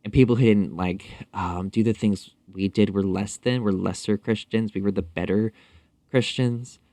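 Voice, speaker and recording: A man's voice: fairly low pitch, steady tone, mellow, no echo. A man speaking as a podcast guest in a casual interview, talking thoughtfully with frequent fillers and restarts. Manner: thoughtful, halting, many fillers.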